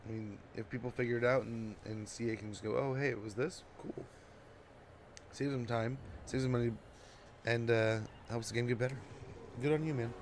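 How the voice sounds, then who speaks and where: A sleepy man chats his way through a strategy game on a live stream, rambling loosely to viewers. His voice sits at an ordinary middle pitch, with faint room noise behind him. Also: steady tone, brisk, darkish tone. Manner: chatty and rambling, talking to chat while playing. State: drowsy. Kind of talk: casual gameplay commentary.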